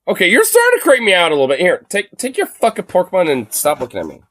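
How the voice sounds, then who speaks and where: A man's voice: high voice, wildly swooping pitch, fast, a bit bright, no echo. A man casually reacting to a video with crude jokes and frequent laughter.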